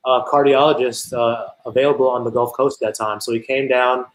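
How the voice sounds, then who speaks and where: Male business founder, interview guest, mid-pitched, easygoing storyteller, roomy echo. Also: fairly quick. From US South. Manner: relaxed, rambling storytelling. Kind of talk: casual interview conversation.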